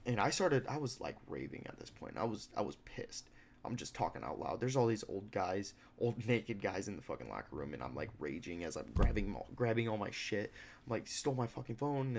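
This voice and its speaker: A young man hosting a podcast, telling a story in a casual, animated, profane way and acting out other people's lines. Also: mid-range voice, gravelly. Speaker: podcast host; mixed martial arts fighter.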